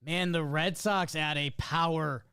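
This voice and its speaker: A man's voice: on the high side, fairly even intonation, measured pace, pushed and bright, smooth, no echo, clean studio sound. A man hosting a live sports talk show, riffing energetically and playfully on breaking news. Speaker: host.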